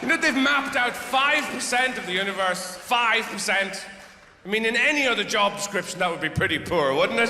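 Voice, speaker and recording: Un humoriste d'âge mûr, voix assez aiguë, ton exaspéré et décousu, dans une salle réverbérante pleine de bruit. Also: male voice, sits high, expressive, normal speed. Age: middle-aged. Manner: rambling, profane, exasperated. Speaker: stand-up comedian. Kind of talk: live stand-up comedy. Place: theatre stage. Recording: echoey hall with crowd noise.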